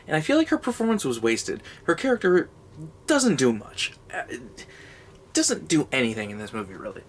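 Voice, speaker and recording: A young man giving a casual, rambling comedic movie review, sarcastic and sweary, laughing as he goes. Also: medium pitch.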